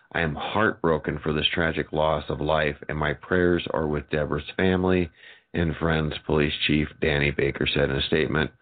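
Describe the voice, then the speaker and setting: A man reading a news story aloud, stumbling now and then with fillers and restarts. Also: very deep voice. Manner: reads haltingly with fillers and restarts. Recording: tinny phone-like audio.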